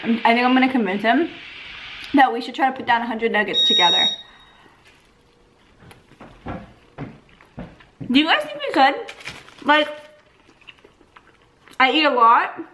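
A woman's voice: fairly high pitch, bright, forceful tone, poor audio. A young woman chatting casually while she eats on camera, giggling often and talking with food in her mouth. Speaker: vlogger. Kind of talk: casual eat-with-me vlog chat.

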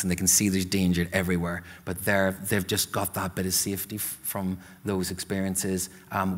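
A man's voice: low-pitched, a bit bright, in a large hall. A Northern Irish man, an author, talking at length in a literary interview and filling his sentences with "you know". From Northern Ireland. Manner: talkative, peppered with "you know" fillers. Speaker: author guest. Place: literature event stage.

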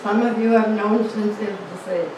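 A 100-year-old woman giving a halting, emotional thank-you speech at her own birthday party. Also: mid-range voice, fairly even intonation. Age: 100 years old. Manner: halting, emotional, repeats words. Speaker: birthday guest of honor. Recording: echoey room from far off with noise.

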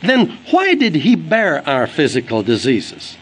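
A man's voice: a little high, huge pitch swings, a little slow, slight background noise, low-quality recording. A man delivering an earnest, emphatic sermon for an audio book, quoting scripture as he preaches. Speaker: evangelist preacher.

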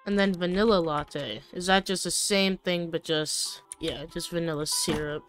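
A woman's voice: lowish voice, fairly even intonation, moderate pace, a bit bright, soft background music. A young woman hosting a gaming channel, chatting casually and jokingly with slang as she plays and reads game lines aloud. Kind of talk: casual let's-play commentary.

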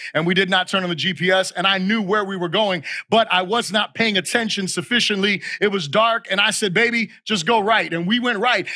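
A man's voice: high-pitched, sharp tone. A man in his thirties, a pastor telling a family story with quoted dialogue, then building into emphatic preaching. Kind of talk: sermon. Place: church sanctuary.

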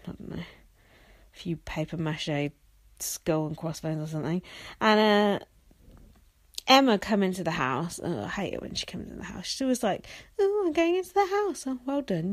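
A woman's voice: fairly low pitch, gravelly, dry recording. A young woman hosting a podcast, ranting about a reality show with constant swearing and sarcastic, mocking asides. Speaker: podcast host. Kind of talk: profane reality-TV recap rant.

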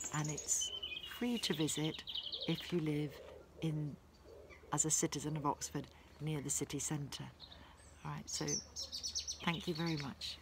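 A woman reading aloud her own children's story in a slow, deliberate storytelling way. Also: low voice, slight background noise. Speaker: author narrating her book.

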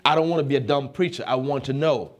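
A man's voice: medium pitch, fast talker, highs cut off, a little hiss or hum. A man, a pastor who is not a native English speaker, preaching a sermon with emphatic repeated phrases, often asking his listeners whether they are listening.

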